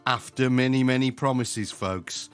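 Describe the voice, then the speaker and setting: A man's voice: mid-range voice, a little slow, smooth, soft background music. A man, co-hosting a gardening podcast as its expert, joking and laughing as he chats. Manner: jokey, laughing. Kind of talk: casual chat.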